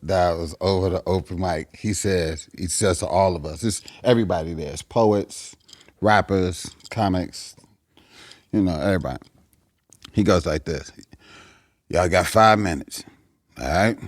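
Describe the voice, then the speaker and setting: A middle-aged man, a guest comedian, telling a casual story in a gravelly voice and acting out the people in it. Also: low voice, moderate pace, dry recording, clean studio sound. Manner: animated storyteller, acts out shouted quotes.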